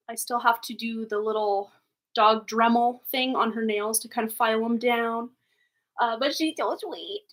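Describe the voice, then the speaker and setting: Female livestream host with a high voice, casual and warm with her viewers, chatty and quick to laugh. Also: steady tone. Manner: chatty and affectionate, with lots of little laughs. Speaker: tarot reader and livestream host.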